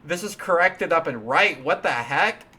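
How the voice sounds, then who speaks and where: A man's voice: a little high, animated, unhurried, sharp tone, slightly rough. A man hosting a live stream, chatting casually while coding, rambling and playful, with many restarts and fillers. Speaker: livestream host.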